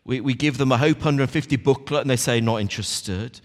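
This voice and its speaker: A male preacher with a mid-range voice gives a chatty morning sermon, frequently turning to address his listeners and seeming to talk with them rather than read. He speaks fast with fairly even intonation, and a long echoing reverb from the church hall rings around his words.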